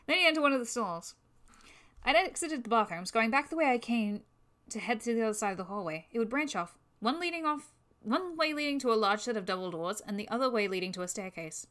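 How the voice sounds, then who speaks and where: A woman's voice: a little high, expressive, fast, a bit bright. Woman reading a story on a livestream. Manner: casual, with swearing asides. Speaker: reader of a fan-made game story. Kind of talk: reading fan fiction on a livestream. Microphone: new microphone.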